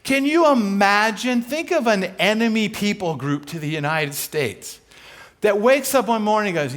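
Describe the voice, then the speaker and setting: High-voiced animated male preacher. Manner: acts out characters in quick asides, conversational and humorous. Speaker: guest speaker. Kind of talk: animated sermon storytelling.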